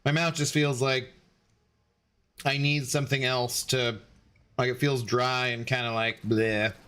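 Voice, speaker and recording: A man's voice: medium pitch, little pitch movement, unhurried, sharp tone, smooth. A man streaming a game, rambling casually and answering viewers' chat messages as he plays. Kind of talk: casual live-stream chat while gaming.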